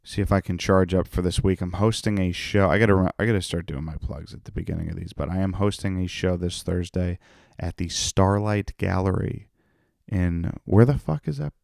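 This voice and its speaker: A man's voice: sits low, normal speed, gravelly, darkish tone, no room sound, studio quality. A comedian hosting his own podcast, rambling and profane in a tired, self-mocking solo monologue. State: tired, yawning.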